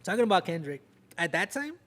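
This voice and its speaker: A man's voice: sits high, very animated, quick pace, a bit bright. A young man from Southern California telling a story on a podcast in casual, profane street slang. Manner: profane, streetwise slang, tag words "way" and "fool". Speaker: podcast guest, rapper.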